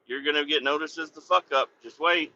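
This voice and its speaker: A man who drives a truck and hosts a podcast, rambling through a road story with steady cursing and laughs. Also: fairly high pitch, a little fast. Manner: rambling, heavy cursing, laughs at his own stories. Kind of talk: casual storytelling chat. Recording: dull lo-fi audio.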